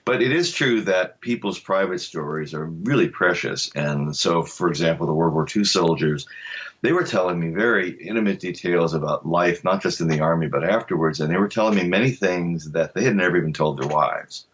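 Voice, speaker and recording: An older author from Delaware, USA, tells stories as a guest in a conversational interview, thoughtful and reflective with soft laughs. His deep, slightly rough voice moves fairly quickly, and the recording is muffled.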